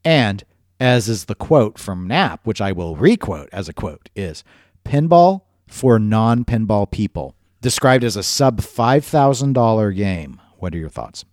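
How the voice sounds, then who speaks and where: A male podcast host in easy, casual chat, wandering off into jokes and asides. His voice sits fairly low but moves all over the place in pitch. The sound is close and dry, with no room around it. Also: very animated, measured pace, no room sound. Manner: digressive, jokey.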